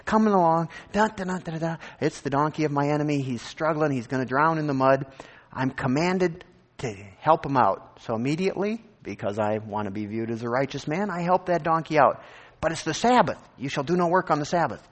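A man preaching a sermon, animated and conversational, acting out scripture verses and imagined voices. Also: a little high, fairly quick, big-room sound. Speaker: pastor.

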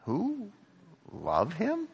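Male pastor, unhurried sermon delivery, earnest and repetitive, hall reverb. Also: wildly swooping pitch, gravelly, slightly rough. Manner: earnest, repeats words, rises in pitch on questions.

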